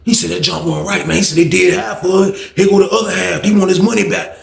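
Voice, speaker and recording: A man's voice: high-pitched, steady tone, fast talker, creaky. A man voicing a pushy adult male messenger who repeats himself insistently. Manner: pushy, repetitive. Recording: roomy echo.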